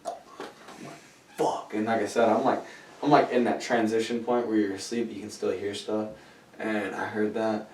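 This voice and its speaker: A man's voice: fairly low pitch, moderate pace, a little hiss or hum. A man telling a rambling story on a podcast with lots of swearing, recorded in a roomy space away from the mic. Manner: rambling, heavy swearing, animated when retelling. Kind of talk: casual storytelling chat. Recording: roomy sound, distant from mic.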